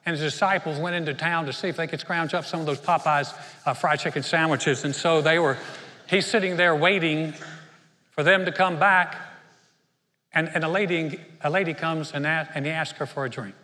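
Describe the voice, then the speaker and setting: A man delivers a sermon in a high, bright voice. He tells the story conversationally, often restarting his sentences. His voice rings with a long reverb, as in a church hall. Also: fairly even intonation, moderate pace. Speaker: pastor.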